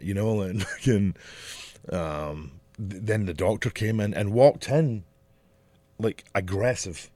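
Podcast co-host, male, low voice, swears freely, acts out the people in his stories, dead-dry sound. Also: slow pace, no echo. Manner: profane, animated storytelling. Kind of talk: casual chat.

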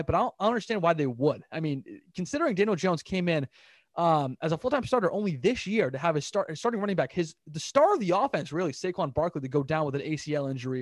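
A young man hosting a casual sports talk show, rattling off scores and rambling opinions in an animated way. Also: on the high side, no room sound, studio quality. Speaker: podcast host.

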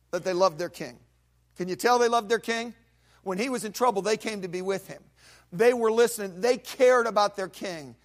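High-voiced preacher telling a story with animated delivery. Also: male voice. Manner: animated storytelling with sound effects and acted-out voices. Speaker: pastor. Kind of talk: sermon.

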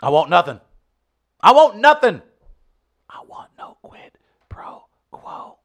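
A man putting on a theatrical reading of a politician's statement, swinging between whispers and loud declarations. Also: on the high side, sing-song, a little slow, creaky, exaggerated voice. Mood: hammy.

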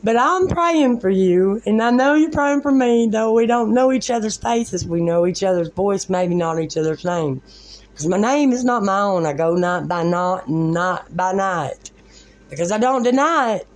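A woman's voice: medium pitch, animated, moderate pace. Rambling, preachy woman talking to camera. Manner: colloquial, with folksy grammar. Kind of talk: rambling religious monologue.

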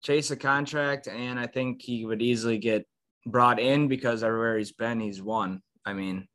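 A man's voice: mid-range voice, fairly even intonation, moderate pace, fairly bright tone, dry recording. A man joining a sports podcast as a guest, making short, blunt remarks in casual chat.

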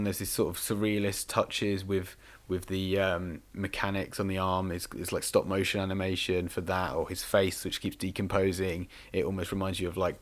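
Rambling deep-voiced man chatting about films. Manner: rambling, filler-heavy, enthusiastic. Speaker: podcast co-host. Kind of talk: casual film discussion.

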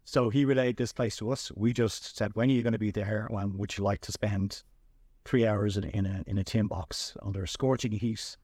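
A man hosting a podcast and telling a story in a chatty, animated way with lots of restarts. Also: fairly low pitch, moderate pace, no echo, clean studio sound. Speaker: podcast host. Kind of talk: casual storytelling chat.

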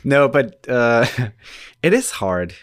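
A man's voice: medium pitch, very animated, slow pace, clear, resonant tone. A man co-hosting a relationship podcast, chatting casually, joking and rambling with lots of fillers. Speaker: podcast co-host.

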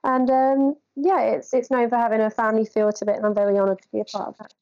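A woman's voice: fairly high pitch, little pitch movement, fast talker, warm tone, dry recording. A woman speaking earnestly about a pageant she belongs to, on a video call. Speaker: pageant contestant. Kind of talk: casual self-introduction. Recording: dull, dry video call audio.

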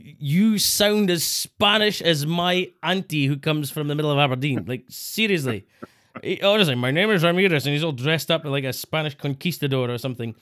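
A man's voice: a little high, normal speed, a bit bright. A man co-hosting a podcast, bantering casually, laughing often and jumping into silly put-on voices. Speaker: podcast co-host.

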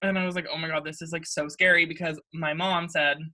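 A woman's voice: low voice, flat delivery, fast, sharp tone. A young woman telling a long story in casual chat, rambling, saying "like" all the time and laughing often. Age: young adult.

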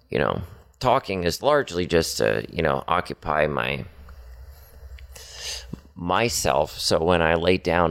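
A man with a very low voice talks through a personal confession, stopping and restarting often and leaning on fillers. His tone stays earnest and direct as he speaks to someone close to him. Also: vocal fry, clean tone. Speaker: podcaster speaking to his partner.

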